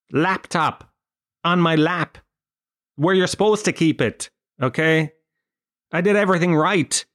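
A man's voice: a little high, fairly bright tone. Irish man, swearing comic rambler. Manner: profane, self-mocking storyteller. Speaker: podcast host.

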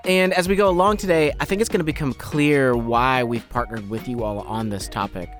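A man in the host's chair reads scripted podcast narration, measured and explanatory, at an ordinary middle pitch. Soft music plays faintly beneath him. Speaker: podcast host.

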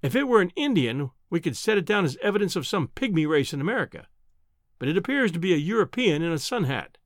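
A man voicing a doubtful young male journalist, measured and skeptical, in a storybook reading. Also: high voice, very animated, dry recording, clean studio sound.

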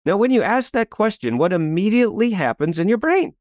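A man's voice: high-pitched, fairly quick, no echo, clean studio sound. A man, a coach and author, telling a story as an interview guest, acting out quotes and asking "right?" again and again. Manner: lively, acts out quotes, frequent "right?".

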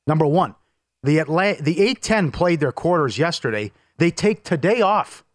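A man co-hosting a sports betting show from a casino studio, brisk and opinionated, rattling off records and stats. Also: on the high side, lively intonation, dry recording. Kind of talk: casual sports talk.

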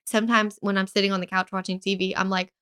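Bright, clear-voiced chatty woman. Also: medium pitch, level tone, quick pace. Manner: chatty storyteller, frequent "like" fillers. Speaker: podcast co-host. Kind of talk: casual chat.

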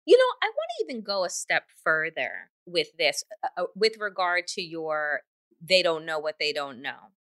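Woman host asking fired-up pointed questions, bright voice, big swoopy pitch. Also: very animated, normal speed, dry recording, studio quality. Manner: impassioned, pointed, long wind-up questions. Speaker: podcast host. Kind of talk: conversational interview questions.

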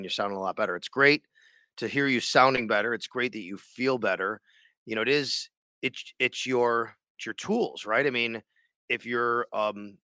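A man's voice: mid-range voice, pushed and bright, dry recording, clean studio sound. A man co-hosting a sports podcast in casual chat, rambling and restarting his sentences. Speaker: radio sports show co-host.

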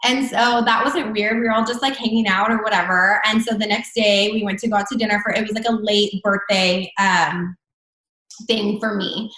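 A woman's voice: medium pitch, a bit bright, reverberant, low-quality recording. A woman telling a personal story in casual chat, full of "like" and "I'm like" fillers. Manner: chatty, many fillers and "like". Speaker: guest.

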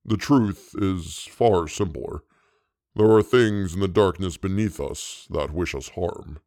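Man putting on a entranced old prophet of doom, very deep, dragging slow, dark, ominous. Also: dry recording, studio quality. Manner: slow, doom-laden pronouncements. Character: ominous fat old man speaking in a trance.

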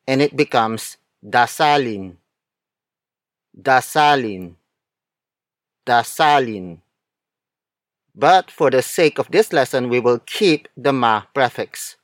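A man narrating a scripted language lesson, speaking slowly and carefully, repeating words and spelling them out letter by letter. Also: medium pitch, dry recording, studio quality. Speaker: language teacher.

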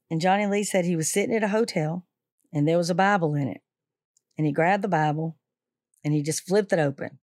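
Teacher lady telling a story, lowish voice, dry close sound, does little voices for the quotes. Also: brisk, darkish tone, dry recording. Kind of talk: storytelling retelling.

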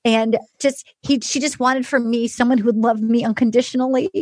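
A woman's voice: a little high, a little fast, dry recording, clean studio sound. A woman recapping a reality show in casual chat, acting out what people said in shifting voices and saying "like" a lot. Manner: animated, acts out quotes in shifting voices; heavy use of "like" and restarts.

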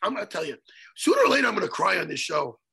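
A man with a high, gravelly and husky voice that swings up and down a lot. He talks in a bright, tense way, swearing freely and joking around in casual chat. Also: very fast. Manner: profane, animated, joking.

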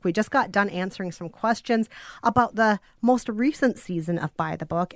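Casting: female podcast host, mid-range voice, steady, dry close mic. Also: medium pitch, dry recording. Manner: steers conversation. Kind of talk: casual chat, reading listener questions.

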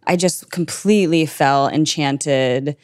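A woman documentary filmmaker from Minnesota, raised in New Jersey and New York, telling stories in a lively way and laughing easily during an interview. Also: low voice, slow, no room sound, clean studio sound. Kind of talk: casual interview conversation.

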